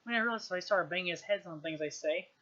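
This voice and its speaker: A woman reading the lines of a gruff old male dwarf playwright, in a folksy, rambling manner. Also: fairly low pitch, very fast, sharp tone, dull audio. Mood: musing.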